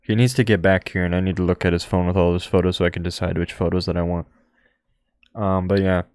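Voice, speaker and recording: A young man chats casually on his podcast in a fairly low voice. He rambles, stops and restarts, and fills the gaps with ums. The recording is close and dry, with no room sound at all. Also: level tone, fast, darkish tone, no echo. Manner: rambling, many fillers and restarts. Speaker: streamer podcast host. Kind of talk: casual chat.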